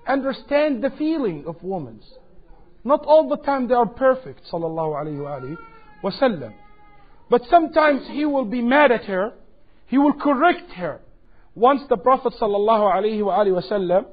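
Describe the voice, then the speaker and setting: Lecturer, male, high voice, animated storyteller; dull lo-fi tape. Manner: animated, acts out quoted dialogue. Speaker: Islamic lecturer. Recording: dull lo-fi 2007 lecture recording.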